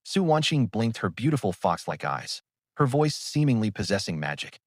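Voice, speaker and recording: A man narrating a story recap in second person with animated storytelling. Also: lowish voice, moderate pace, dry recording, clean studio sound.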